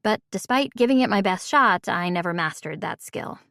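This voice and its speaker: Audiobook narrator: woman, mid-range voice, wry measured first-person read, dry booth sound. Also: mid-range voice, lively intonation, vocal fry, a bit bright, no echo.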